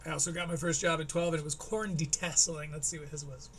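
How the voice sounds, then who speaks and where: Wry streamer with a Michigan accent, slightly high voice, a faint hiss under it. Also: male voice, fairly even intonation, fairly bright tone. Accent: Michigan Midwestern. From Michigan, USA. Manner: wry, chatty, quick asides. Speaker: streamer reacting to a comedy special. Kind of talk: live-stream commentary.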